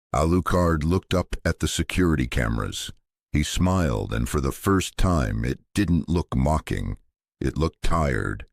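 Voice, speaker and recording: A man's voice: extremely low pitch, gravelly, no room sound. A man narrating a scripted sci-fi story in a grave, dramatic storytelling manner.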